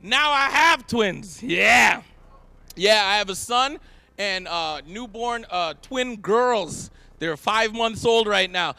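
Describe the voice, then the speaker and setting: A man performing a stand-up comedy set, telling animated stories and shouting his punchlines. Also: high voice, slow pace, creaky, clean tone, no echo. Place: live event stage.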